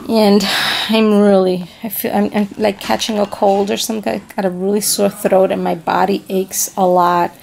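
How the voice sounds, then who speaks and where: A woman's voice: mid-range voice, creaky, a little mellow, a little hiss or hum. A woman chatting casually to camera, gushing over handmade crafts and often searching for the right word. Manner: gushing and enthusiastic, repeats praise words; searches for words, trails off mid-sentence. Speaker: craft vlogger showing a package.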